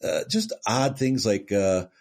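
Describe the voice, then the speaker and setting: A man's voice: lowish voice, slow, darkish tone. A middle-aged man, a voice actor, chatting on a podcast and telling self-deprecating stories about his work. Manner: storytelling, self-deprecating, jumps into brief character voices. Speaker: voice actor guest. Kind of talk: casual podcast interview.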